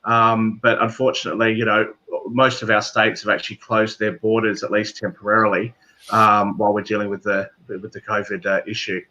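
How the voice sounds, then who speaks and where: Bright-voiced Australian man, lo-fi audio. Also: fairly low pitch, flat delivery, a little fast. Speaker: guest. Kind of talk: casual video call chat. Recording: dull lo-fi audio.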